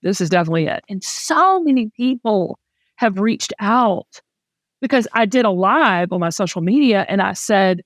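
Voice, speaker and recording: A woman's voice: mid-range voice, animated, moderate pace, dry recording, studio quality. A middle-aged Southern woman hosting a candid, casual talk, speaking with heartfelt emotion and frequent restarts. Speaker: host.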